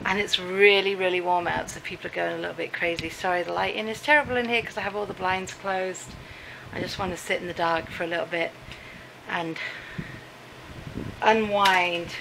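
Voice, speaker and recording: A woman's voice: fairly low pitch, steady tone, normal speed, gravelly, background noise. A British woman chatting casually to the camera at home, rambling and easily amused as she talks through her day. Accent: British English. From Britain. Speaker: vlogger. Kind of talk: casual vlog chat. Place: home, indoors, dim room.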